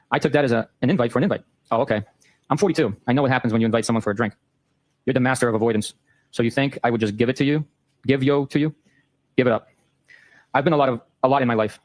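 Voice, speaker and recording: Brisk man reading texts aloud. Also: medium pitch, no room sound. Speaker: host. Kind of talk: reading text messages aloud.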